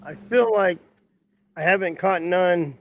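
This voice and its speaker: A man co-hosting a casual chat, chiming in with quick reactions and questions and laughing easily. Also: high voice, dull audio, a little hiss or hum. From Arizona.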